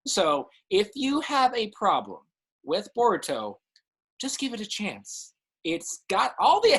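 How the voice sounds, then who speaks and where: A man's voice: a little high, a bit bright, slightly rough. A man hosting an online show, with an upbeat, emphatic sign-off patter. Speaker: host.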